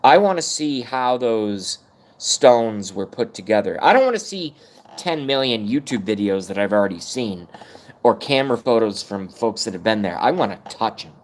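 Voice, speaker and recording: A man's voice: fairly low pitch, expressive, normal speed. A middle-aged man ranting casually on a livestream, rambling and swearing while chatting with viewers. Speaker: livestream host.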